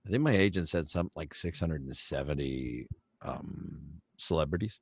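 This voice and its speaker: A man's voice: extremely low pitch, expressive, normal speed, breathy edge, dry recording, clean studio sound. A man, a voice actor, telling rambling anecdotes in a casual interview and slipping into other people's voices for quotes. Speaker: voice actor guest.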